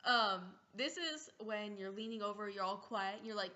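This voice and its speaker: A woman's voice: medium pitch, lively intonation, moderate pace, hardly any pauses, sharp tone. A teenage girl vlogging casually in a playful, giggly way, acting out little scenes. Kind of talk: casual comedic vlog.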